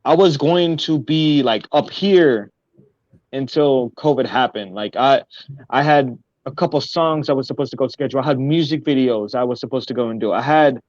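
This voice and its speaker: A man's voice: mid-range voice, a little mellow, no echo. Rambling young man, dull dry sound. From Houston, Texas. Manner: halting, full of fillers and restarts. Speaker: guest rapper. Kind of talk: casual interview chat. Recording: dry, slightly muffled audio.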